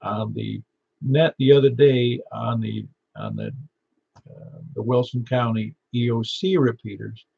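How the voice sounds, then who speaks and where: A man's voice: medium pitch, lively intonation, a little slow, creaky, husky. A man with a Middle Tennessee accent running an amateur radio net, chatting in a joking, folksy way. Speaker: net control operator. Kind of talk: ham radio net chat. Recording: lo-fi radio transmission.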